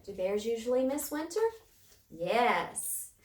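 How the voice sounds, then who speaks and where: Slow-paced woman teacher reading aloud. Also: on the high side, expressive. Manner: clear, asks the class questions. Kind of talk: reading a picture book to a class. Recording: roomy, far from mic.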